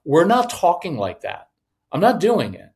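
A man in his fifties giving casual parenting advice on a podcast, animated and acting out quoted voices. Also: a little high, a little slow. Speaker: podcast guest, parenting coach.

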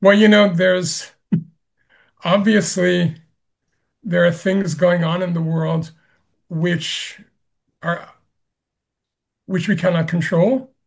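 A man with a gravelly, somewhat high voice answers interview questions as a Zen master. He speaks haltingly, with pauses, fillers and frequent throat clearing. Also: little pitch movement.

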